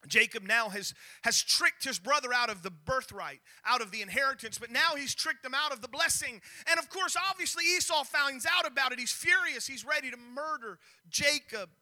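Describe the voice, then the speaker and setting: High bright-voiced storytelling preacher. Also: male voice, moderate pace, hardly any pauses. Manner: storytelling, animated, with repeated restarts. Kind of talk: sermon.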